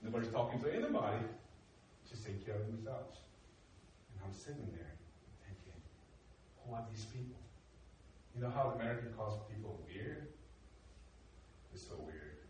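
Animated man from Africa, echoey hall. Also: normal speed, long pauses, slight background noise. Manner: animated, acts out dialogue with rising emphatic pitch. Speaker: speaker telling his life story. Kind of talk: storytelling talk. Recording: echoey hall from a distant mic.

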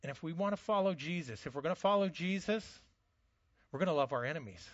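High-voiced man preaching a sermon. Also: expressive, fast, no room sound, dull audio. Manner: conversational preaching with frequent stammered restarts. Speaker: pastor.

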